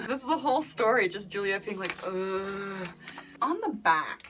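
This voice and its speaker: A young woman giving a casual book review vlog, animated and sarcastic, who mocks quoted lines in a breathy whisper. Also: mid-range voice, normal speed, soft background music.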